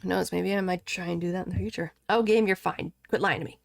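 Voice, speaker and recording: A woman's voice: on the low side, fairly even intonation, fast, vocal fry, no room sound, studio quality. A woman chatting casually and giggling while live streaming a game, rambling and talking back to the game.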